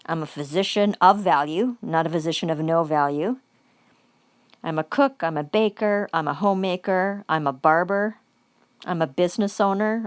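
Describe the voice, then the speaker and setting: A woman's voice: lowish voice, no room sound. A woman giving an angry, profane vlog monologue, repeating phrases for emphasis.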